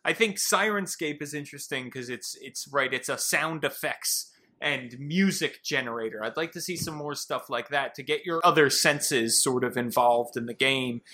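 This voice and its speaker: A man with a bright, forceful voice hosts a relaxed panel chat. He laughs easily and keeps turning questions over to his guests in a friendly, conversational way. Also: mid-range voice, normal speed. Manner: laughs often, hands questions to each guest. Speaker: podcast host moderating a panel. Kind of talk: casual panel discussion.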